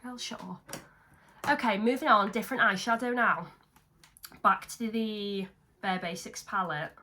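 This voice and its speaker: Chatty young woman doing her makeup, crisp bright voice, jokey and self-deprecating, a bit sweary. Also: mid-range voice, moderate pace. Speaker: makeup vlogger. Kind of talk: casual chat. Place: at home, seated.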